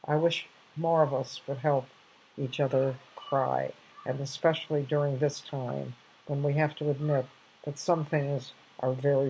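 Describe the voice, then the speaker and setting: A woman's voice: extremely low pitch, level tone, normal speed, mellow, slightly rough, low-quality recording. An older woman casually sharing reflective anecdotes, rambling with many restarts and fillers.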